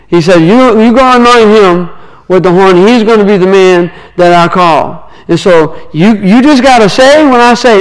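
A man's voice: high voice, smooth, rough recording. A man preaching a sermon, telling a personal story and acting out quoted dialogue, often restarting his words. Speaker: minister.

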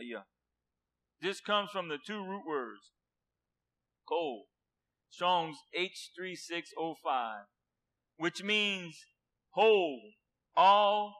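A man preaching a sermon with passion, dropping to a hush and then rising loud, repeating words for emphasis. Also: high-pitched. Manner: impassioned, swinging from hushed to loud.

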